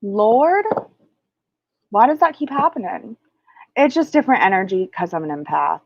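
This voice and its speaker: A woman's voice: mid-range voice, very animated, lo-fi sound, a little hiss or hum. A woman hosting a spiritual livestream, chatting casually and crassly, rambling and losing her train of thought. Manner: slow, drawn-out teaching delivery.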